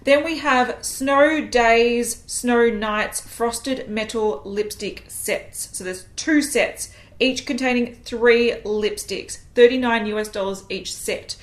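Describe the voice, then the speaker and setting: A frank, chatty woman talks through makeup releases in a casual co-hosted chat. Her voice sits a little high. The room leaves a noticeable echo around her. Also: takes it slowly. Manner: chatty, frank, lots of ums. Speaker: beauty co-host. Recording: roomy echo.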